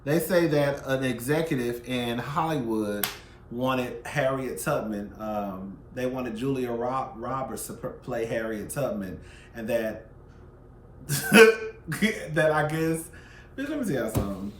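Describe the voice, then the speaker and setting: A man hosting a casual gossip commentary channel, sassy and profane, swinging between loud outbursts and soft asides. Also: mid-range voice, measured pace, roomy sound. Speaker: YouTube commentary host.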